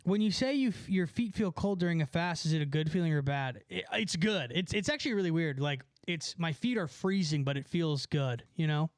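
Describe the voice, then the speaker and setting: A man's voice: on the high side, animated, fairly quick, few pauses, no room sound. A young man casually chatting on a live stream, laughing a lot and swearing as he mocks someone. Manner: laughing, mocking, profane.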